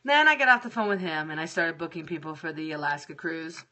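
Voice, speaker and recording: A woman's voice: low voice, fast talker, sharp tone. A woman hosting a show, telling a story about her day in a casual, profane, exasperated way. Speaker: radio show host.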